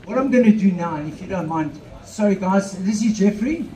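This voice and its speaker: A man's voice: high-pitched, lively intonation, a little fast, warm tone, roomy sound, poor audio. A man with a South African accent giving an earnest motivational talk through a handheld microphone, slipping in Afrikaans phrases. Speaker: motivational speaker. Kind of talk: motivational talk at an outdoor event.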